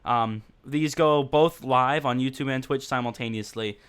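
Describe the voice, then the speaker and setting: A man's voice: medium pitch, moderate pace, fairly bright tone, clean tone. A man hosting a podcast livestream, rambling casually in a blunt, mocking way and talking straight to his chat. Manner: blunt and mocking, with frequent fillers.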